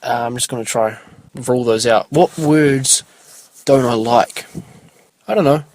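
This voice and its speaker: A young man chatting alone on his podcast, rambling and unhurried with plenty of filler. His voice sits at an ordinary middle pitch. The sound is dry and close, with no room echo. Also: darkish tone. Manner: rambling, laid-back, lots of filler. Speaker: podcast host. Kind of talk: casual solo podcast chat.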